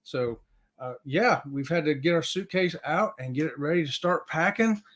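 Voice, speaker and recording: A man's voice: on the high side, lively intonation, moderate pace, a bit bright. A man hosting a casual livestream, upbeat and greeting viewers in the chat. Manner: upbeat, hypes up viewers, says y'all. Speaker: livestream host.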